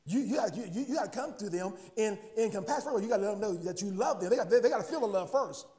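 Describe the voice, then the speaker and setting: High-voiced preaching pastor, calling out. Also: male voice, animated, very fast, warm tone. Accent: American. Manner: repeats words, asks "huh?" to the congregation. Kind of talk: sermon.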